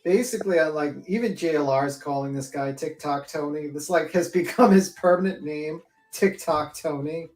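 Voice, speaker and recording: A woman's voice: deep voice, moderate pace, hardly any pauses, darkish tone. A woman panelist on a livestream, chatting casually and ranting bluntly with plenty of swearing. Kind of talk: casual chat. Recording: echoey room.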